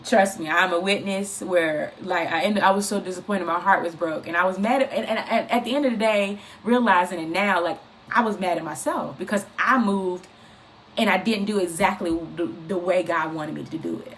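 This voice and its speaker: A woman giving an informal, encouraging faith talk, speaking in an animated, repetitive, conversational way. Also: lowish voice, normal speed, a little hiss or hum. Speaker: inspirational speaker.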